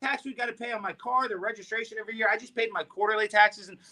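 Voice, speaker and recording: Brief: male guest commentator, high piercing voice, brash and blunt. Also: steady tone, very fast, bright, forceful tone. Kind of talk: casual talk show interview.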